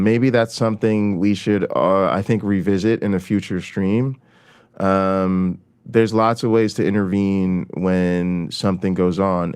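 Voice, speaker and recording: A man hosting a livestream, talking in an earnest, halting way with many fillers. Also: deep voice, darkish tone, clean tone. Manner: hesitant, lots of fillers, earnest. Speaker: stream host. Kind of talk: casual livestream discussion.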